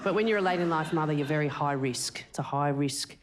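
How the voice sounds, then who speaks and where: A woman's voice: low-pitched, brisk. A woman in her forties doing live stand-up comedy, brash and crude as she teases the crowd. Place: stage before a live audience. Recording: live show with audience noise.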